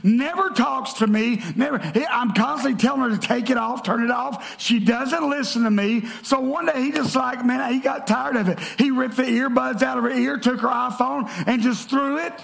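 A man preaching a sermon as pastor, lively and joking, calling out to his congregation in church. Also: extremely high pitch, moderate pace, gravelly, few pauses. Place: church sanctuary.

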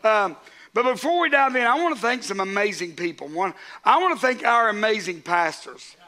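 High, bright-voiced pastor. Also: male voice, animated, normal speed. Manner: conversational, self-deprecating, with asides to the congregation. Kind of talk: sermon.

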